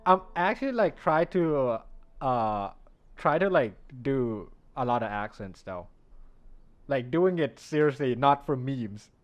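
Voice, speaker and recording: A man's voice: mid-range voice, highs cut off. A man streaming a game, chatting casually with viewers and laughing often. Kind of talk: casual live-stream chat. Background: faint lofi background music.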